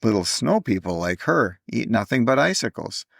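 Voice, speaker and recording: A man's voice: on the low side, very animated, normal speed, gravelly, no echo, studio quality, full character voice. A man voicing a little girl in a storybook reading, earnest and explaining things with grave wisdom. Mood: eager. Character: little girl, eager and wise beyond years.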